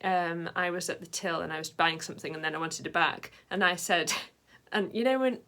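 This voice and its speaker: A woman's voice: on the low side, a little fast, fairly bright tone. A woman vlogging in a casual, rambling way, full of fillers and side tangents. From Britain. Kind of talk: casual chat to camera.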